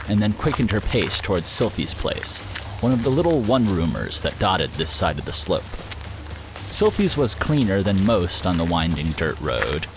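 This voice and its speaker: A man narrating a story in a steady, unhurried way, his voice sitting very low. A faint bed of music runs quietly beneath him. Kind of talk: audiobook narration.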